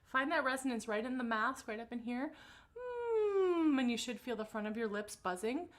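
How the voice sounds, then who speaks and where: Relaxed woman leading a vocal warm-up. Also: on the high side, fairly quick. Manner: relaxed and encouraging, greeting chat viewers by name. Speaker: singing teacher.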